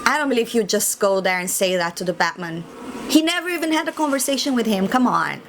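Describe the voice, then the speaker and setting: Chatty woman host with a fairly high voice, muttering her reactions to a film at home over steady background noise. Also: quick pace. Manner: chatty, talks to herself, mutters asides. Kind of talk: casual movie reaction commentary. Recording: noisy home recording with background hiss.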